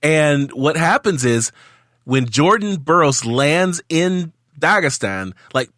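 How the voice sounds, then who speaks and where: A man hosting a casual sports podcast, jokey and energetic, acting out quotes as he goes. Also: a little high, slow, dry recording, clean studio sound. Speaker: podcast host.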